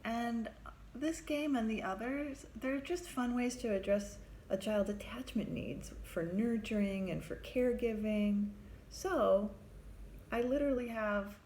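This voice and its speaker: A therapist telling a personal story in a vivid, conversational way, acting out the voices of the people in it. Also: female voice, mid-range voice, vocal fry, darkish tone, slight background noise.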